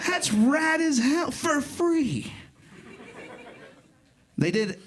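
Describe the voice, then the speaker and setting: A man in his thirties doing a stand-up comedy set in a club, telling stories in an animated way and jumping into loud voices for punchlines. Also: very high voice, drawn-out words. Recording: live club recording with crowd laughter. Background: audience laughter.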